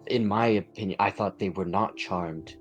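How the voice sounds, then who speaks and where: A man's voice: low voice, normal speed, soft background music. A young man playing his character at the table, thoughtful with a teasing edge. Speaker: player.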